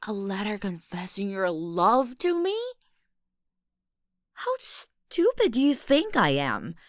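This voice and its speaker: Sneering young woman with a lively voice. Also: medium pitch, slow, dry recording, studio quality. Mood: mocking. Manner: aggressive, mocking, profane bully. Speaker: voice actor in an audio role-play. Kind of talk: audio role-play, speaking to the listener.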